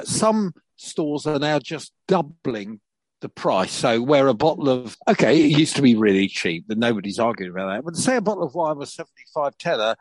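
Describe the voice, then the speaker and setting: A man's voice: medium pitch, dry recording, poor audio. An older man, a podcast co-presenter chatting casually with wry laughs and frequent restarts. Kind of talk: casual chat.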